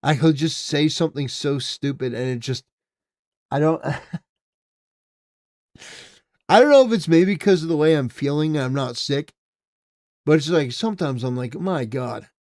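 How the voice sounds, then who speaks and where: A man's voice: a little high, expressive, unhurried, long pauses, darkish tone, no room sound, studio quality. A man hosting a political commentary livestream, talking casually with rambling, stammering restarts and swings from mumbling to emphatic.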